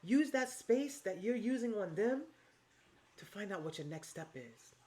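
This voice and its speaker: A woman's voice: lively intonation, unhurried. A woman vlogger giving casual, motivational life advice, emphatic and repetitive, with swearing and endearments thrown in. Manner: swings from low and hushed to high and loud.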